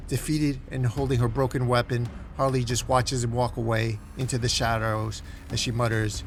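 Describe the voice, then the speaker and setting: A man's voice: mid-range voice, flat delivery, brisk, few pauses, soft background music. A man hosting a comic recap, telling the story in a dramatic way. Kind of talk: comic book recap narration.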